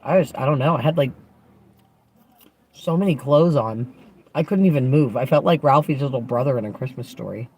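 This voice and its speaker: A woman's voice: rumbling low, brisk, long pauses, a little mellow, slightly rough. A woman hosting a casual livestream from inside a parked car, chatting in an upbeat, rambling way. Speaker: livestream host. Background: passing traffic.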